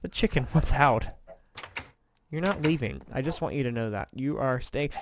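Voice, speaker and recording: Tired and yawning from a short night, a man from Indiana, USA, rambles through casual let's-play chat while gaming, often mocking himself. He sounds animated at a medium pitch and moderate pace, with slight background noise.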